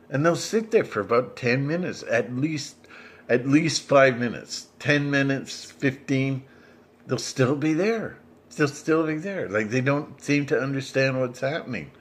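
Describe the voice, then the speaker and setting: A man rambling in a monologue, halting and repeating himself with many restarts. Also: mid-range voice, breathy edge. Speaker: vlogger.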